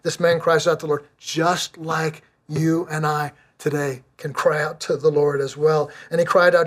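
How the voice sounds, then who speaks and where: A middle-aged man preaching with earnest conviction, his voice sitting a little on the higher side. He slows down and leans on repeated phrases to drive each point home. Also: flat delivery, fairly bright tone. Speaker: pastor. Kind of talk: sermon.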